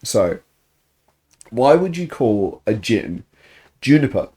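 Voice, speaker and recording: A man's voice: mid-range voice, big pitch swings, slow, dark tone, breathy edge. Sweary, rambling Australian guy. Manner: sweary, laughing, rambling rants. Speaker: podcast co-host. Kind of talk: casual chat over drinks.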